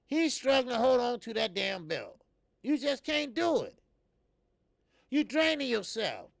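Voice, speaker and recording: A man in his fifties hosting a boxing talk show, swearing freely and rambling with many fillers, jumping between loud emphatic bursts and low mutters. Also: big pitch swings, a little slow, creaky, long pauses, dry recording, clean studio sound. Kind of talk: casual opinionated commentary.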